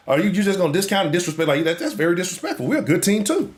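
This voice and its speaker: Animated, profane sports talk host. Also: male voice, on the high side, rapid-fire, few pauses. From Houston. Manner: profane, animated, swings from loud outbursts to mutters. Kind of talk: live sports talk rant.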